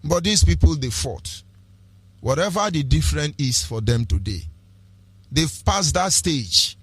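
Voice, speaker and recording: A man's voice: medium pitch, animated, normal speed, husky, dry recording. A man with a Nigerian accent, delivering an impassioned, preachy political radio talk with repeated rhetorical phrases and lapses into pidgin. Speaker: radio broadcaster.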